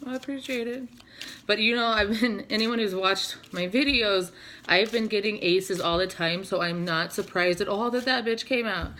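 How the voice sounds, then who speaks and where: A woman's voice: mid-range voice, moderate pace, pushed and bright, slight background noise. A woman doing a casual, chatty tarot reading, laughing often and swearing casually. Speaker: tarot reader.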